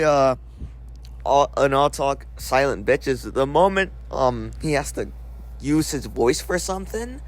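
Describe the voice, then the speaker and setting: A young man at an everyday middle pitch rants through a casual storytime over screenshots. He is sarcastic and profane. His delivery keeps tripping on fillers and restarts. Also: lively intonation, unhurried. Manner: frequent filler words and restarts. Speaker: vlogger recounting an online dispute.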